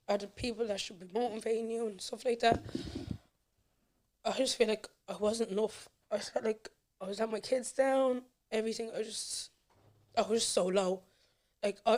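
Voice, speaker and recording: A woman's voice: medium pitch, a little mellow. A young Irish woman, a podcast guest, candidly telling her personal life story with emotion.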